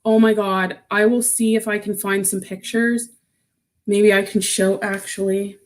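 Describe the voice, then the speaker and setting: Woman vlogger, slow unhurried talk, casual chat, answers viewer comments, emotional, near tears. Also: mid-range voice, level tone.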